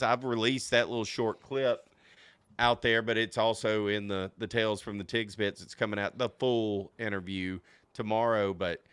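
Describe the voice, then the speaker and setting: A man from Louisiana hosts a laid-back podcast conversation, his voice bright and crisply clear. He talks excitably, laughing often and stumbling through quick restarts. The sound is dry and close, with no room around it. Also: medium pitch, no echo. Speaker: podcast host. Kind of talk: casual podcast chat.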